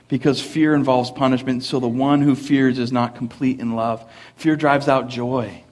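A young adult man, a pastor, preaching a sermon at a church service, mixing lively family stories and laughter with earnest points. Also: mid-range voice, normal speed, hardly any pauses. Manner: animated, laughing storyteller who then turns earnest. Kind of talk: sermon with humorous storytelling.

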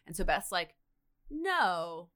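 A woman's voice: lowish voice, big pitch swings, takes it slowly, pushed and bright. A woman co-hosting a podcast, casually retelling a story and acting out the quotes with lots of "like". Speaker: podcast co-host.

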